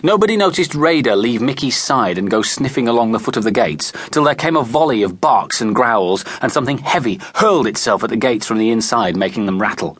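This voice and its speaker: Expressive male storybook narrator. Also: medium pitch, a little fast, hardly any pauses, husky, no echo. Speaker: audiobook narrator. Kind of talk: scripted narration. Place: recording studio. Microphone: close studio mic.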